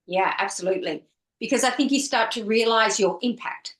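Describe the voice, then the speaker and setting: A woman's voice: on the high side, brisk, roomy sound, poor audio. A woman author speaking as an interview guest, earnest and flowing, often stringing words into lists. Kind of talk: reflective conversational interview.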